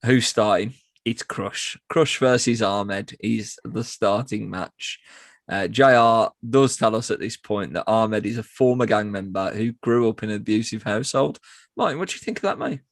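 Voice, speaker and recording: A man's voice: on the low side, moderate pace, dry recording, clean studio sound. A man casually narrating a wrestling recap as podcast co-host, sweary and sarcastic.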